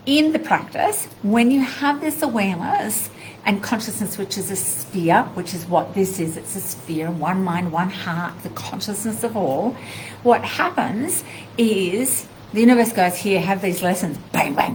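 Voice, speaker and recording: In a live video, a woman who is a spiritual teacher tells a personal story, animated and heartfelt, acting out bits of dialogue. Her medium-pitched voice is unhurried, set against a noisy background.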